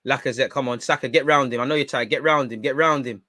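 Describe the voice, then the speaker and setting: A man hosting a live football watchalong, reacting excitedly, shouting at players and the referee and swearing now and then. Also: medium pitch, fast, no room sound, studio quality. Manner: talks while eating. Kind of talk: live match reaction commentary.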